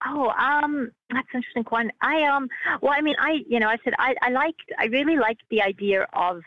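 A woman's voice: high-pitched, brisk, no room sound, highs cut off. A woman being interviewed, answering hesitantly with many fillers and restarts. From Australia. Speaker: filmmaker and actress guest.

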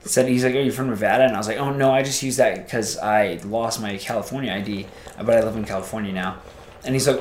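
Speaking fast at a medium pitch, this man is a podcast guest spinning a rambling, animated story in a casual way. He acts out the voices of those he quotes, and the recording has a roomy sound.

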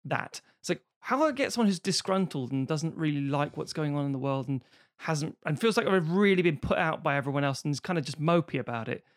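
Animated British man, casual chat. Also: on the high side, fast talker. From Britain. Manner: animated, swears freely, acts out silly voices.

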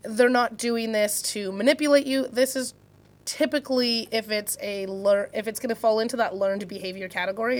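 A woman co-hosting a casual parenting chat, talking in a loose way with many fillers and restarts. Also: medium pitch. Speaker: parenting podcast co-host.

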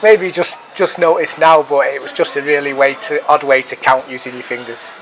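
A man's voice: medium pitch, fairly even intonation, moderate pace, fairly bright tone, slight background noise, rough recording. A man co-hosting a casual podcast, chatty and given to repeating himself, recorded sitting in a pub restaurant. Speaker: podcast co-host.

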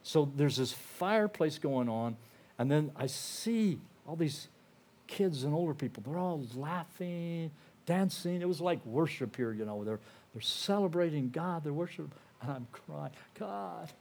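Speaking unhurriedly in a fairly high, animated voice, an older guest speaker gives his testimony to a church congregation. The telling is conversational, full of restarts and "you know," and it turns earnest and emotional, quieting at the weightiest parts.

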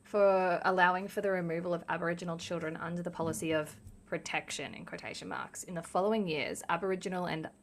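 A woman's voice: on the low side, quick pace, hardly any pauses. Earnest woman chatting. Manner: earnest, animated, lots of "like". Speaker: podcast co-host. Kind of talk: casual chat.

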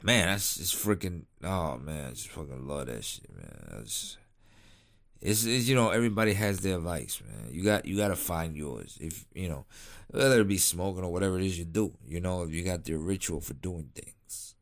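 A man's voice: low voice, animated, normal speed, gravelly. A man chatting casually on his vlog, laid-back and rambling, tired and yawning late at night. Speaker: cigar vlogger. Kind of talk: casual chat.

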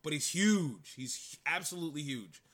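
Male podcast co-host, casual and enthusiastic, bright tone, pitched a bit high. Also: lively intonation, normal speed. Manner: rambling, enthusiastic. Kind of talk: casual chat.

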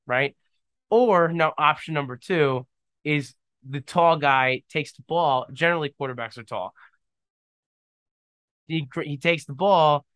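A man's voice: fairly high pitch, a bit bright, clear, resonant tone, no echo. A man in his twenties hosting a casual solo podcast, joking and rambling off on tangents into a microphone. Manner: rambling, jokey, goes off on tangents. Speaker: podcast host. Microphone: studio microphone, on camera.

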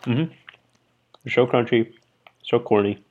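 A man's voice: mid-range voice, measured pace, darkish tone, lo-fi sound. A man co-hosting a podcast, chatting casually with an easygoing manner and plenty of fillers. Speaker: podcast co-host. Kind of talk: casual chat.

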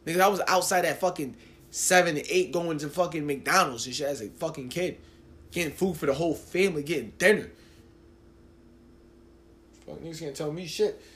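A man's voice: a little high, moderate pace, long pauses. Profane rambling young podcast host, man. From New Jersey. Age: 20s. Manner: profane, rambling, animated, with frequent restarts. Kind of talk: casual solo podcast rant.

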